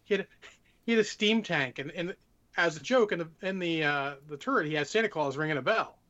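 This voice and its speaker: Man, podcast co-host, higher voice, forceful, lo-fi sound. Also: lively intonation, a little fast. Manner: swearing, giving advice. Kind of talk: casual chat.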